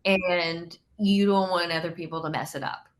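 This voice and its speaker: A woman's voice: fairly low pitch, steady tone, normal speed. A woman, an actress, chatting playfully in an interview and laughing often between remarks. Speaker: actress promoting a film. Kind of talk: casual playful chat.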